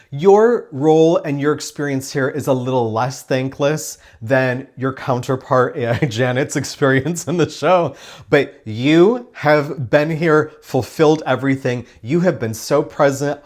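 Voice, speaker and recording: A man giving a casual spoken review of a TV episode, emphatic and opinionated, with sarcastic, dismissive asides. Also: mid-range voice. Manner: emphatic and opinionated, acts out quoted lines.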